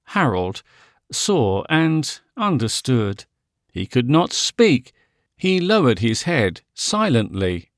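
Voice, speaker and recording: A man narrating a Victorian novel as an audiobook, measured and dramatic. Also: medium pitch, no echo, studio quality.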